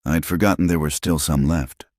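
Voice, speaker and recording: A man's voice: very deep voice, fairly even intonation, normal speed, darkish tone, no echo, studio quality. A man voicing an earnest, determined widow running a frontier farm. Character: determined young widow rancher, warm.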